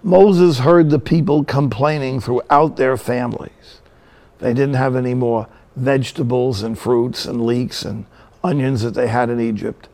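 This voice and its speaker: Older male preacher, gravelly and mellow, folksy sermon storyteller. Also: medium pitch, unhurried. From New Jersey. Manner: storytelling, folksy and animated with quoted asides.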